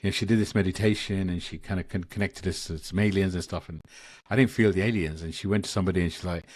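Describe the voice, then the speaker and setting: A man's voice: sits low, fairly even intonation, fast talker, a little mellow. A man, a spiritual guest on a video call, talking earnestly with many restarts. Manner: earnest, rambling with frequent restarts. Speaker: guest, Akashic Records channel. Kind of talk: casual spiritual conversation.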